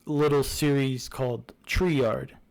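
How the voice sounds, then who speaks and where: A man's voice: medium pitch, steady tone, unhurried, darkish tone, poor audio. A young man casually reviewing a game series, rambling with many fillers and restarts. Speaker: YouTuber reviewing games.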